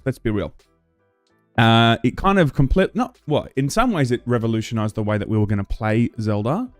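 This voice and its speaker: A man's voice: mid-range voice, moderate pace, no room sound. A man from Australia hosts a live stream in a loose, chatty way, stumbling and restarting as he talks. His voice sits dry and close to the mic, with faint music underneath. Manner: chatty, full of fillers and restarts. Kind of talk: casual live stream chat.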